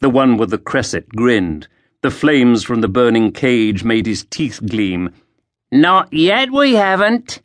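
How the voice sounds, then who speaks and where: A man narrating a historical mystery audiobook in a lively, expressive way, recorded close to a studio mic. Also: on the low side, a little slow, dry recording. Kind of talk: scripted narration.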